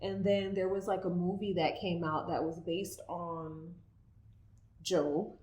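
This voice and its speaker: A woman's voice: fairly low pitch, level tone, slow pace, a little mellow. Female podcast guest co-host, heartfelt rambling storyteller, recorded in a roomy space. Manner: emotional storytelling, many "like" fillers. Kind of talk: casual podcast chat. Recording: echoey room.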